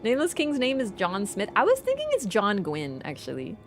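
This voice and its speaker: A woman livestreamer in casual chat, animated and teasing toward viewers and swearing casually. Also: medium pitch, fairly quick, soft background music.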